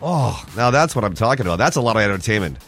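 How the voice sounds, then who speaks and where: A man's voice: lowish voice, fast, faint music behind. A man hosting a morning radio show, chatting casually and joking around. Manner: animated, playful, jokes around.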